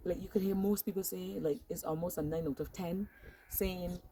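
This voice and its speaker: Woman host, deep voice, rambling chatty questions, noisy background. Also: fairly even intonation, moderate pace, warm tone. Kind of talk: casual interview.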